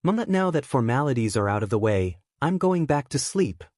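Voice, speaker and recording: A sleepy, gruff male teacher who talks in a drowsy, curt way, as a man reading the story puts him on. The voice sits at a middle pitch in a dry, close recording, as in a storybook reading. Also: very animated, normal speed, a little mellow, no room sound, natural voice.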